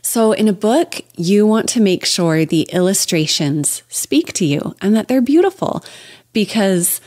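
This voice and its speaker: A young adult woman talking as a podcast guest in a casual interview, chatty and animated, often laughing as she talks. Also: medium pitch, measured pace. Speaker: podcast guest, children's book writer.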